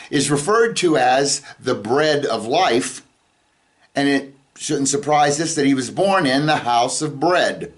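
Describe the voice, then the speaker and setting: A man teaching a casual scripture lesson who talks conversationally, pauses often on "uh" and keeps checking in with listeners. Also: fairly high pitch. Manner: conversational, checks in with "all right?" and "okay?"; stops often with "uh" and restarts. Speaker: Bible teacher.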